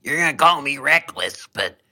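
A man's voice: a little high, normal speed. A man co-hosting a podcast, chatting in a playful, goofy way. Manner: playful, goofy, lively banter. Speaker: podcast co-host. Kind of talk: casual comedic chat.

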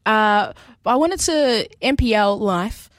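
A woman's voice: mid-range voice, animated, takes it slowly, no echo, clean studio sound. A woman co-hosting a sports radio show, bubbly and talkative, often tripping over her words. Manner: bubbly, stumbles and repeats words. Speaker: radio co-host. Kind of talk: casual radio chat.

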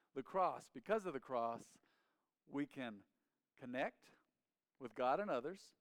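A man's voice: mid-range voice, clear, resonant tone, no echo. A male pastor preaching a sermon, leading the congregation in call-and-response with emphatic, rising appeals. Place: church sanctuary.

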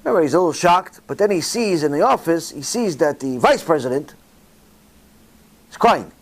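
A man, a religious teacher telling a story in an animated way and acting out the dialogue, with frequent "uh" fillers. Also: fairly high pitch, moderate pace. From Israel. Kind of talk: storytelling Torah talk.

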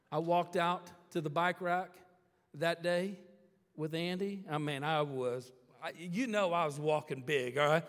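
A man preaching a sermon, telling a story with animated drama and checking in with the crowd with "all right?" and "okay?". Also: on the high side, a little slow. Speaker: pastor. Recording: long reverb of a big hall.

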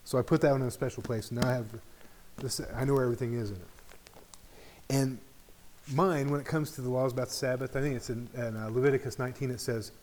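A man's voice: mid-range voice, steady tone, fast talker, a little mellow, a little hiss or hum. A middle-aged man teaching an informal Bible study in a conversational way, often checking in with the group.

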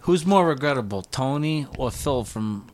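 A laid-back man guesting on a podcast, a touring musician who teases the host in quick replies. His pitch moves a lot while he talks, and faint noise sits under the recording. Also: animated, a little mellow. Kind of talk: casual chat.

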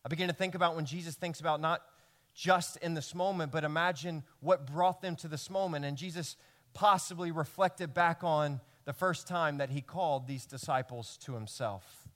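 A man preaching a sermon to his congregation as pastor, telling the stories in a lively way that swings from loud emphasis to hushed lines. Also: a little high, moderate pace. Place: church service before a congregation.

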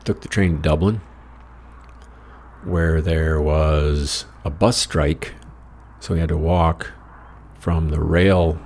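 Slow and rumbling low, with long pauses and a steady, slightly mellow tone, an American man winds through a personal travel story. He's wry, foul-mouthed and mocks himself, and there's a faint hiss or hum.

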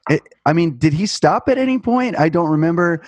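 A man's voice: on the high side, expressive, a little fast, a little mellow. Wry male podcast host. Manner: wry, joking, with frequent fillers. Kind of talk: casual movie review chat.

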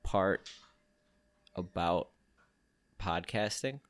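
Joking man, casual podcast banter. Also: deep voice. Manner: joking, quick to laugh. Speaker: podcast co-host. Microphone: remote call.

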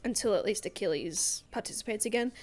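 A woman's voice: medium pitch, fast, darkish tone. Chatty woman retelling a book's plot. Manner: rambling plot retelling full of "like". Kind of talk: casual book discussion.

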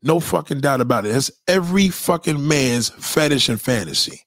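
A man's voice: medium pitch, lively intonation, moderate pace, fairly bright tone, no echo, studio quality. A man hosting a livestream, ranting in a crude, profane, emphatic and repetitive way. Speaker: livestream host. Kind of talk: unscripted livestream rant.

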